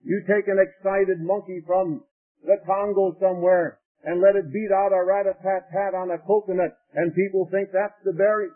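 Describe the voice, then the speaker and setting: Fervent preacher on tinny old radio. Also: male voice, high voice, flat delivery, normal speed. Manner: fervent, rising to loud impassioned peaks; folksy storytelling. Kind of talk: revival sermon.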